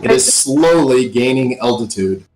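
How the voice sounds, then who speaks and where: A man running a tabletop game as dungeon master, narrating events in a relaxed storytelling way. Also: mid-range voice, unhurried, roomy sound, faint music behind, poor audio.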